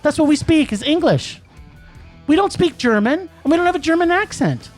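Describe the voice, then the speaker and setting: A man's voice: extremely high pitch, expressive, a little fast, faint music behind. A man co-hosting a podcast, ranting about movies in casual chat, emphatic and laughing. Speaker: podcast co-host. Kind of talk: casual film-review chat.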